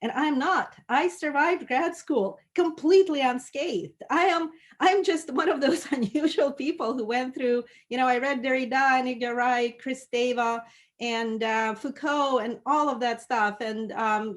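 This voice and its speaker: A woman leading an online book discussion, talking with lively enthusiasm, laughing often and filling pauses with "like" and "um". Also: high voice. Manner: lively and animated, laughing often, many fillers. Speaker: discussion leader.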